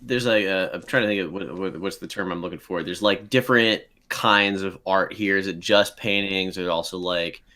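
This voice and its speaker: A man's voice: low voice, normal speed, hardly any pauses, sharp tone. A man playing a tabletop game, rambling and searching for his words. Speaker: player.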